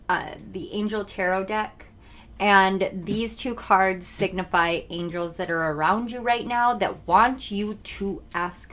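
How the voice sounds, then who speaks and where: A young woman giving a channeled tarot reading to her viewers, talking fast, intense and earnest. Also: lowish voice, a bit bright. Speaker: tarot reader.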